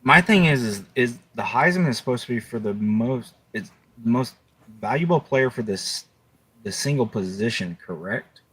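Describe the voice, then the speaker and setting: Husky man rattling off football scores. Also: mid-range voice, expressive, normal speed, fairly bright tone, rough recording. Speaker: panelist. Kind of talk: casual sports talk. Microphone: remote call mic.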